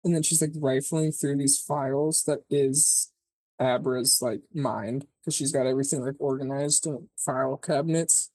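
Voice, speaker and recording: A podcast co-host casually retelling a movie plot, rambling and swearing, filling every pause with "like" and acting out the characters' lines. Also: medium pitch, fairly even intonation, a little mellow, slightly rough, no echo. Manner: rambling, profane, peppered with "like"; acts out characters' lines mid-story.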